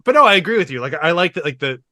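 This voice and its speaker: A man co-hosting a casual film podcast chat, animated and full of filler words. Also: fairly high pitch, rapid-fire, no room sound, studio quality. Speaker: podcast co-host.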